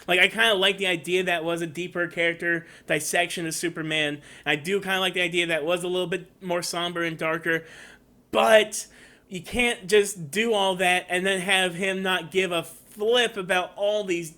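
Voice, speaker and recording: A man's voice: sits high, steady tone, normal speed, sharp tone. A man reviewing a movie trailer on his own channel in a rambling, emotional casual talk, getting teary at moments. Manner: rambling, emotional, tearing up at times.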